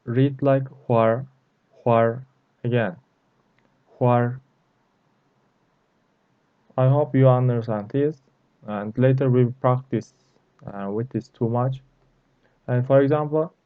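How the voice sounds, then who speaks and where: Male language teacher, first language Turkish, very slow and halting, tinny phone-like audio. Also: mid-range voice, no echo. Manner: slow, halting delivery, repeating each word several times. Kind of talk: explanatory language lesson.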